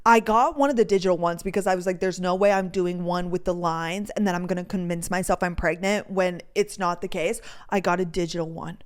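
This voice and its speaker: Young girl rambling a storytime, lots of likes, clear smooth voice. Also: fairly low pitch, steady tone, fairly quick, hardly any pauses. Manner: bubbly, chatty, rambling with lots of "like". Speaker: podcast host. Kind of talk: casual storytime chat.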